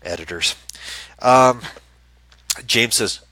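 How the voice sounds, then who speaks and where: Hosting a live stream as a psychic medium, a man reads viewer questions and chats in a casual, reassuring way, full of fillers and restarts. His voice is lowish, pushed and bright, and a little fast. The recording is low quality with no echo.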